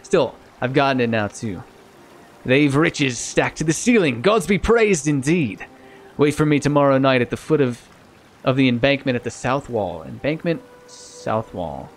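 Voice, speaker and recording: A man's voice: medium pitch, animated, brisk, slight background noise, natural voice. A man voicing a scheming male thief in a put-on pirate drawl, reading a letter aloud from a video game. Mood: sly.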